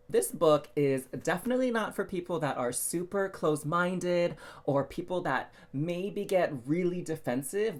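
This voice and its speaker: A man hosting a casual spiritual self-help vlog, talking straight to viewers, stretching out key words and tossing in rhetorical questions. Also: a little high. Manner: animated, drawn-out emphasis on key words. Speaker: spiritual coach and vlogger.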